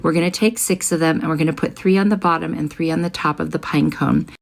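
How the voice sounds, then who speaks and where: A woman's voice: sits low, steady tone, fast talker, gravelly. A middle-aged woman hosting a craft channel, explaining each step of a project in a friendly voice-over.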